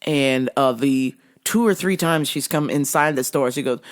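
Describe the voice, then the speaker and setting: A woman in her forties telling a story in a casual rant, profane, animated and exasperated. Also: very deep voice, moderate pace, few pauses. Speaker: show host recounting her store job.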